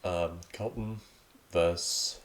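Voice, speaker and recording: A young Australian man hosts a casual solo podcast, reading slang aloud with offhand, sweary remarks and the occasional laugh. His voice is deep and steady, and he speaks slowly.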